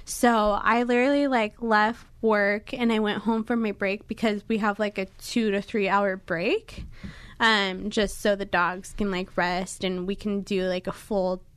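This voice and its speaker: A woman's voice: mid-range voice, level tone, measured pace, smooth, no echo. A young woman, a podcast guest, telling her story casually in a studio with lots of fillers. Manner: chatty, many fillers.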